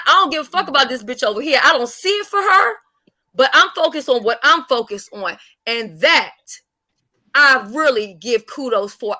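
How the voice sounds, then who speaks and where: Woman, livestream host, casual chat, high voice, blunt, profane. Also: pushed and bright. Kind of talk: casual live-stream chat.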